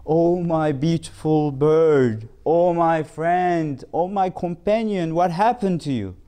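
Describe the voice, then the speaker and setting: A grieving merchant from a spoken fable, remorseful and lamenting over his lost bird, as a male storyteller takes on his voice. He speaks slowly, in a dark, mellow tone. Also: mid-range voice, animated. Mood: distraught. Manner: lamenting, apologetic.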